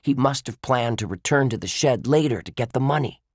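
A man lightly acts the part of an earnest young boy detective who reasons things out aloud, pitching above his own mid-range voice. He sounds expressive and a little fast, recorded with clean studio sound and no room sound.

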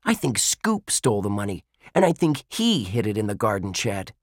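A man's voice: on the low side, very animated, moderate pace, no echo, studio quality. A man voicing an earnest young boy detective who reasons things out aloud.

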